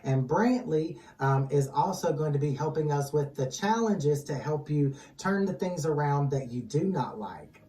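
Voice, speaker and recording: A tarot channel host leading a reading, calm and steady, repeatedly calling on guides, angels and ancestors. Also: mid-range voice, unhurried, few pauses. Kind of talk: tarot reading, casual chat. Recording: echoey distant mic with music underneath.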